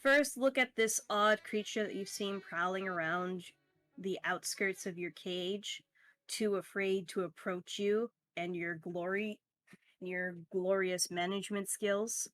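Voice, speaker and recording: A woman narrating a tabletop game as game master, talking in a relaxed way with fillers and laughs. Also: medium pitch, takes it slowly, dry recording, soft background music.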